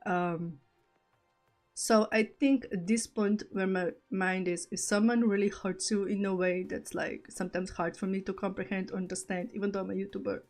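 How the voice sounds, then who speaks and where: A woman's voice: medium pitch, fairly even intonation, moderate pace, a little mellow, soft background music. Chatty young woman streamer. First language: not English. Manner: chatty, storytelling with laughs. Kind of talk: casual live-stream chat.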